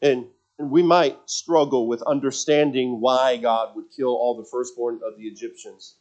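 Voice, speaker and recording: A man's voice: mid-range voice, fairly even intonation, moderate pace, a little mellow. A man preaching a sermon, earnest and emphatic, often repeating words as he restarts his thoughts.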